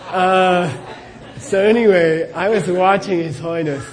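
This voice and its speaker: A man's voice: high-pitched, steady tone, unhurried, heavy background noise. A middle-aged man, a Buddhist teacher, answering questions in a live talk as a chatty storyteller who laughs often and says "you know" a lot.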